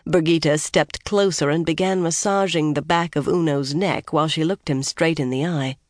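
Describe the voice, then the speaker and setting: A steady, measured narrator reads a fantasy novel in a mid-range voice. The recording is dry and close, with no room around it. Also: medium pitch, no echo. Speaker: audiobook narrator.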